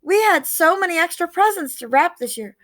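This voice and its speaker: Casting: woman voicing a patient mother, calm and gently firm, storybook read-aloud. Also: very high-pitched, brisk, dry recording, clean studio sound, voice pushed up.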